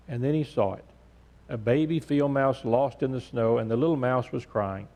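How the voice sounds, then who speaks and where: A male pastor reading a story aloud in a church sermon, gentle and measured. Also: medium pitch. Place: large church sanctuary. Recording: echoey church sanctuary.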